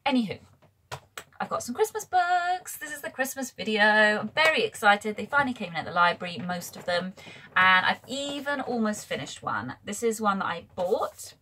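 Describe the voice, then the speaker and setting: A woman's voice: mid-range voice, lively intonation, normal speed, pushed and bright, slight background noise. A woman chatting to camera as a book vlogger, rambling and correcting herself as she goes. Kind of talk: casual chat to camera.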